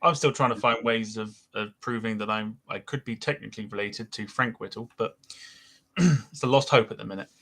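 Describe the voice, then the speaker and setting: Bright-voiced jokey male podcast host. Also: lowish voice, moderate pace. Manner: jokey, laughs often. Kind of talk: casual chat.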